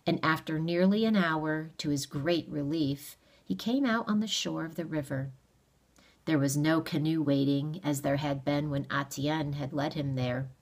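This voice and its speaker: A woman reading a novel aloud in a steady, measured storytelling manner. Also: deep voice. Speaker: audiobook reader. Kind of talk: read-aloud narration of a novel.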